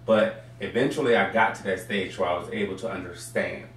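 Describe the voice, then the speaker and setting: A man's voice: low-pitched, fairly quick, a bit bright. A man who is a guest on a casual talk show, speaking earnestly and reflectively, turning playful when he teases the host. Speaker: guest, sweet potato pie baker. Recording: echoey room, distant mic, faint crowd and noise.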